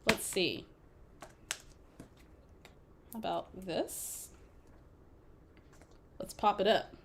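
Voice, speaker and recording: Her voice sits in the mid range, fairly bright but with vocal fry, and she speaks very slowly. She's a woman hosting a scrapbooking livestream, bantering playfully with her audience and often laughing as she works on her pages.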